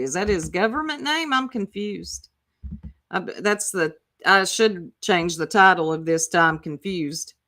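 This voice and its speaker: A woman doing casual reaction commentary with a bright, forceful voice. She is sarcastic and swears freely, arguing back at the clips she plays as if the other person could hear. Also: on the low side. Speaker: YouTube commentator.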